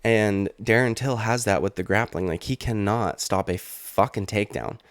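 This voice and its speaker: A man's voice: lowish voice, normal speed, no echo, clean studio sound. Casual, profane young man riffing on fights. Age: late 20s. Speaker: MMA YouTuber. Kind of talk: reaction commentary.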